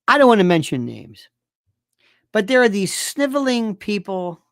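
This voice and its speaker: A man's voice: sits high, very animated, normal speed, no echo, clean studio sound. A middle-aged man hosting a talk show, ranting about politics with emphatic, repetitive and sarcastic delivery.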